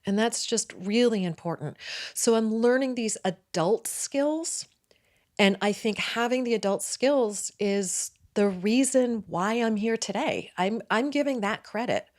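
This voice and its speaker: Excitable talkative woman in her forties. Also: fairly high pitch, a little slow. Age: 40s. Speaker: guest, midwife and acupuncturist. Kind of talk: personal storytelling in conversation.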